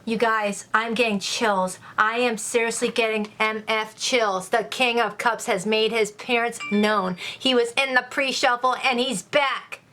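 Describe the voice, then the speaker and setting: Lady doing a tarot reading, all gushy and excited, bit of a high voice, light background hiss. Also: a little slow, few pauses. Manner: gushing and excitable, exclaiming as she reads. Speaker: tarot reader.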